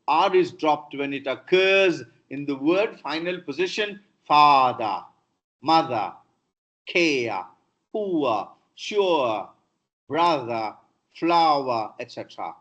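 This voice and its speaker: A man's voice: a little high, expressive, slow pace, a bit bright. A male professor with an Indian English accent, a native Telugu speaker, gives a pronunciation lecture and repeats drill words with emphasis. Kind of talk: lecture with spoken word drills. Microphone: online lecture computer mic.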